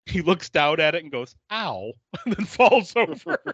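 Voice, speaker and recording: Guy laughing his way through a movie recap, high and bouncy, acts out the lines. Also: animated, moderate pace, a bit bright, breathy edge, no room sound, dull audio. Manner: laughs often while retelling scenes; acts out quotes in exaggerated voices. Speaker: podcast host. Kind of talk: casual movie recap chat.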